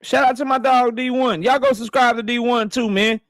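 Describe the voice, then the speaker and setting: High-voiced man hosting a slangy live stream. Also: steady tone, moderate pace, dry recording, studio quality. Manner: loose, slangy shout-outs to viewers. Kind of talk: casual live stream chat.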